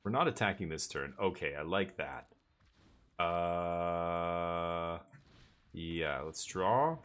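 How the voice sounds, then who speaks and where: A man streaming a card game live, chatting excitedly and joking with his chat as he plays. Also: low voice, slow pace.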